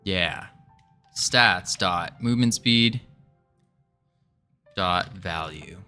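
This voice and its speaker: Slow-talking man with a bright, tense voice. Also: sits low, clean tone, faint music behind. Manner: thinks aloud, self-narrating, joking and rambling. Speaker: indie game developer streaming. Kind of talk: casual live-stream chat while coding.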